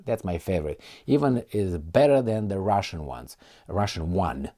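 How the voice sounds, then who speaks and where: Man, mocking news commentary, lowish voice, very lively pitch. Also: normal speed. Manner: sarcastic, mocking, animated. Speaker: political commentator. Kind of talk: casual commentary reading articles.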